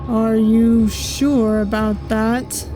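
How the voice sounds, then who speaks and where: Woman voicing young male yandere captor, gentle, slow, pleading; game music faint behind. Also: on the high side, flat delivery. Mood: calm. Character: soft-spoken young male yandere kidnapper.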